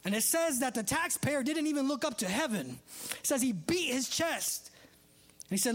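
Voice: high-pitched, big pitch swings, moderate pace. A preacher giving a sermon in a conversational style, with joking asides and laughter.

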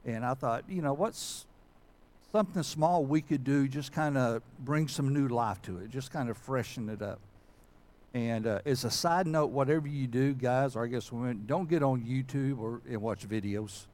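Folksy pastor, a man at mid pitch. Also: darkish tone. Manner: folksy and self-deprecating, many filler pauses. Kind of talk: conversational sermon and prayer.

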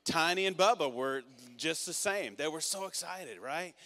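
A man preaching a sermon as a pastor, reading scripture and telling stories, energetic and calling on the congregation to respond. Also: on the high side, normal speed. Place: church hall. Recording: reverberant church hall.

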